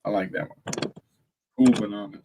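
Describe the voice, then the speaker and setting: A man's voice: on the low side, little pitch movement, moderate pace, mellow, a little hiss or hum. A man from South Africa with a South African accent, chatting casually and loosely, full of slang and swearing. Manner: laid-back, swears, slangy. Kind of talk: casual chat.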